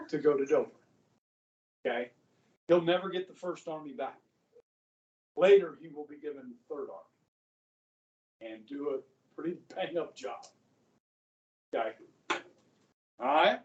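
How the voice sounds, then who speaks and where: A man teaching a history class, telling the story with lively, acted-out quotes. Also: fairly high pitch, a little slow, long pauses, lo-fi sound, slight background noise. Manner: animated storytelling, acts out quotes. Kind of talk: classroom lecture. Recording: echoey classroom, mic far off.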